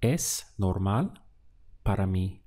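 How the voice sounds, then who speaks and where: A man teaching a beginner language lesson, drilling words syllable by syllable with patient pauses. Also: sits low, animated, mellow. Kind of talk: slow, deliberate language lesson.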